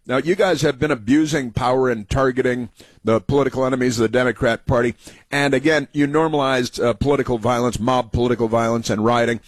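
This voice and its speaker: A man's voice: mid-range voice, brisk, dry recording. A man hosting a political talk radio show, rambling with many fillers and restarts.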